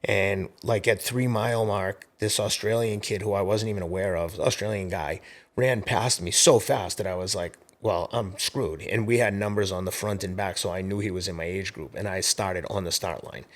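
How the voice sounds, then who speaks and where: A middle-aged man in his fifties, a podcast guest telling race stories in a casual, animated way. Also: fairly low pitch, normal speed. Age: 50s. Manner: animated storyteller, acts out quoted voices. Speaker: podcast guest, marathon runner. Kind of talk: casual storytelling interview.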